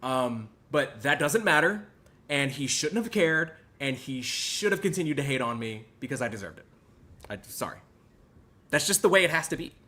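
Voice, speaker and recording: Bright-voiced man sarcastically apologizing. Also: on the high side, expressive, moderate pace. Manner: sarcastic, exaggerated contrition, swings from loud to muttered. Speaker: podcast host.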